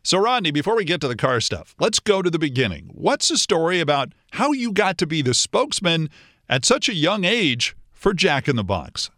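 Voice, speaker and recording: A man's voice: a little high, very animated, normal speed, bright, forceful tone, dry recording, studio quality. A male host leading an interview with easy, conversational questions.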